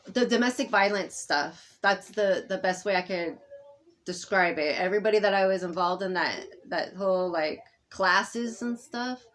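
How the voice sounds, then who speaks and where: A woman talking to camera in an unscripted personal monologue, halting and rambling with many fillers and restarts, moving between soft murmuring and loud insistence. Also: fairly low pitch. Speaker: vlogger speaking to camera.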